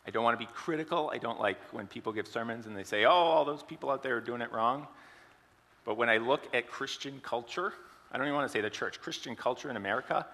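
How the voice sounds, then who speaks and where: A man's voice: mid-range voice, fast talker, sharp tone, in a large hall. A man giving a sermon, telling an illustrative story and asking the congregation questions. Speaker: preacher.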